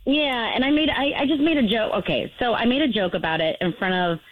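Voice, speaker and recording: A woman's voice: a little high, a little fast, no room sound. A woman in her late twenties calling in to a radio show, rambling and apologetic, crying as she talks. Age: late 20s. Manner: rambling, apologetic, close to tears. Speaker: caller. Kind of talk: radio call-in confession. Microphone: phone. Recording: tinny phone line.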